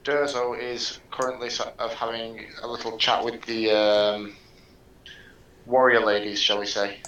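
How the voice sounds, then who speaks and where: Flat-voiced man, far from the mic. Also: mid-range voice, measured pace, muffled recording, a little hiss or hum. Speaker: player voicing Durzo, a kobold rogue. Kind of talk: tabletop role-play. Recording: distant from the mic in an echoey room with faint ambience.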